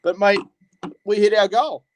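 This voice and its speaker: A man's voice: high-pitched, unhurried, a little hiss or hum, poor audio. Sweary, blunt Australian man. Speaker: host. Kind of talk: casual chat.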